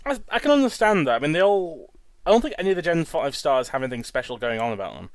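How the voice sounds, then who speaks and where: A man's voice: fairly high pitch, big pitch swings, fast talker, no echo. A man hosting a let's play, rambling through casual commentary with lots of stammered restarts and laughs.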